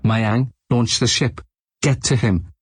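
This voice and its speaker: A man voicing a proud male commander in a fan dub, with a Welsh accent and a calm, resolute delivery. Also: medium pitch, slow pace, slightly rough, no room sound, studio quality. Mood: indignant. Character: arrogant male commander, calm, stubborn, brushing off insults.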